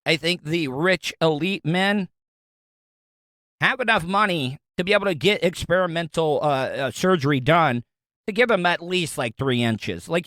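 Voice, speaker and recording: A man in a solo monologue, rambling and cracking jokes in a somewhat high voice. The sound is dry and close, with no room behind him. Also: fairly bright tone, dry recording. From Florida, USA. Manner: rambling, joking, conversational. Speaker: podcast host.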